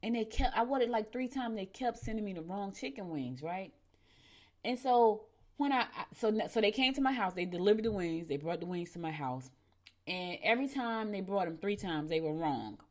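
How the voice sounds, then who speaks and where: A middle-aged woman hosting a morning show. She tells stories casually, often calls her listeners "y'all," and her voice jumps suddenly in pitch and loudness. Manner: chatty, addresses listeners as "y'all". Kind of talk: casual storytelling and horoscope reading.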